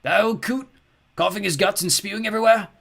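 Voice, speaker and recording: A man doing a cracked, squeaky, grumpy stranger. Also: fairly quick, creaky, a bit bright, exaggerated voice. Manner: curt, dismissive.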